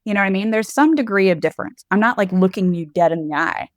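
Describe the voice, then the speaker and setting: A woman's voice: medium pitch, fast talker, no echo, studio quality. A woman co-hosting a podcast in casual chat, candid and playful, often laughing. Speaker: podcast co-host.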